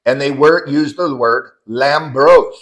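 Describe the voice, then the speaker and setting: A man's voice: medium pitch, takes it slowly, a bit bright, rough recording. A man leading a casual group Bible study, explaining scripture and the Greek words behind it to the people around him.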